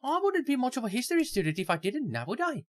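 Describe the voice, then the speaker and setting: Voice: high-pitched, big pitch swings, fast, dry recording, studio quality, voice pushed up. A game player reading the lines of a young woman history student in a put-on, stereotypical Irish accent. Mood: polite. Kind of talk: voicing game dialogue while playing.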